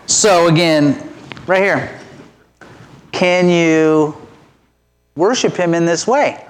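A man preaching to his church congregation in a relaxed, conversational way, with fillers and restarts, slowing into deliberate pauses. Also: fairly high pitch, clear, resonant tone. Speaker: pastor. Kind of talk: informal sermon to a congregation. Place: church sanctuary with rows of seats.

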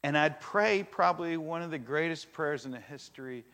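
A man preaching a sermon, retelling a story in a casual, animated storytelling way. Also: fairly high pitch, normal speed. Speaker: pastor.

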